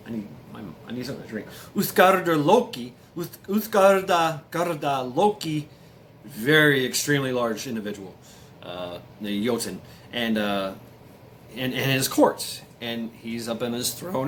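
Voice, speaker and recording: A man's voice: medium pitch, expressive, a little slow, a bit bright, slight background noise. A man casually retelling a myth, rambling and hesitant with many fillers. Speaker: storyteller.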